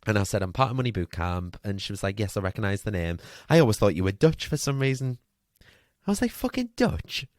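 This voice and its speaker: A man from Newcastle, hosting a podcast and telling a story in a chatty, animated way with lots of fillers. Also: on the low side, fast, few pauses, no echo, studio quality. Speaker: podcast host. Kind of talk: casual storytelling monologue.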